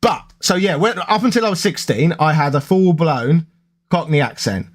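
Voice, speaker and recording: A man's voice: fairly high pitch, expressive, moderate pace. A man with a London accent, chatting casually and rambling to his viewers. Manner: rambling, conversational, self-correcting. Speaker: gaming YouTuber.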